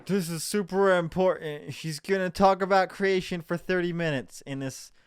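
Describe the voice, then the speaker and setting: A man's voice: high-pitched, normal speed, smooth, no room sound, clean studio sound, faint music behind. A young man reacting to a clip, sarcastic and profane, rambling and restarting his sentences. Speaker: reaction video host. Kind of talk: casual commentary over a played clip.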